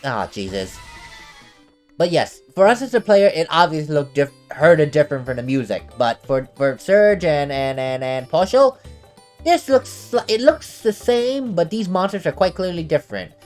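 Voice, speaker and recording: A woman's voice: low voice, expressive, normal speed, a little mellow. A woman giving chatty, laughing commentary on a game she is playing. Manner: chatty, laughs often, self-deprecating. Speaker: let's play host. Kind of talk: casual gameplay commentary. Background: faint game music.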